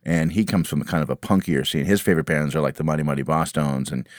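A man's voice: extremely low pitch, fairly even intonation, fast talker, no room sound, clean studio sound. A man, a band member talking casually in an interview, rambling with many restarts and "you know"s.

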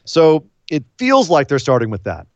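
A man hosting a casual chat about wrestling, animated, with frequent laughs and quick asides. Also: fairly high pitch, no room sound. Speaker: podcast host. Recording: dull lo-fi dry sound.

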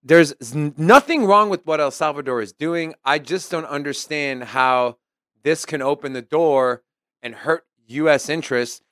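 A man's voice: on the high side, a little slow, a bit bright, no echo, studio quality. A man co-hosting a podcast in casual chat, questioning and teasing. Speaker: podcast co-host.

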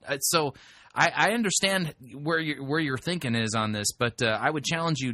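A man's voice: on the high side, bright, forceful tone, no room sound, clean studio sound. A man hosting a talk radio show, speaking in an emphatic, conversational way with frequent restarts.

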